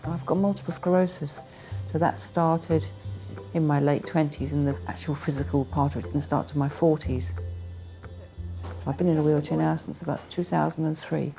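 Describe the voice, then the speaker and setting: A woman's voice: low-pitched, fairly even intonation, moderate pace, creaky, mellow, faint music behind. A middle-aged woman from Jersey, a dog owner, plainly telling her story in a documentary interview.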